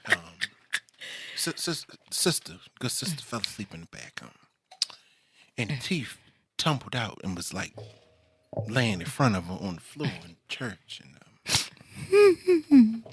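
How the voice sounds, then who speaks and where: A man's voice: mid-range voice, unhurried, long pauses, a little hiss or hum. A man co-hosting a podcast, telling a long funny story in casual chat and breaking into laughter as he goes. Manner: animated, laughs through his story. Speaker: podcast co-host.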